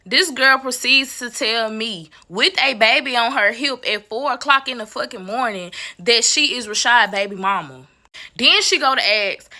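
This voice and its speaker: A woman telling a personal story to viewers in a casual, animated and profane way. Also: on the high side, normal speed, dry recording, clean studio sound.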